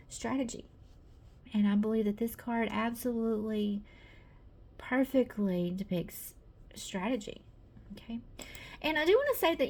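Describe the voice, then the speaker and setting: A woman's voice: on the high side, a little mellow. A woman with a Southern American accent, chatty and gushing, presenting her own tarot deck in a casual video with many fillers.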